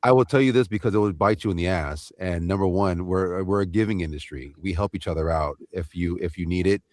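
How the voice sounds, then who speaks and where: A man's voice: sits low, fairly quick, no echo, clean studio sound. A man from East Los Angeles, a voice actor on a panel, talking in a casual, slangy way with lots of "you know what I'm saying". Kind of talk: panel discussion.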